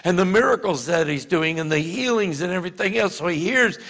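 A man with a Louisiana accent preaching a sermon as pastor, talking conversationally with many restarts and rising to shouts. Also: high voice, lively intonation, brisk, in a large hall.

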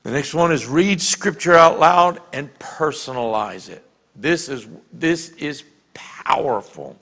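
Slow-speaking pastor man in a reverberant hall. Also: fairly high pitch, animated, vocal fry, a bit bright. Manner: conversational, repeats words, reads scripture slowly and with emphasis. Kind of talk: sermon teaching. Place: church sanctuary.

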